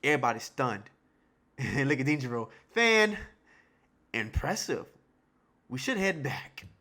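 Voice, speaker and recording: A man of medium pitch hosts a live manga reaction, reading the panels aloud. He talks in a hyped, slangy way and keeps repeating the lines that excite him. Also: a little slow. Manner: loose slangy casual talk. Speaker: manga reaction channel host.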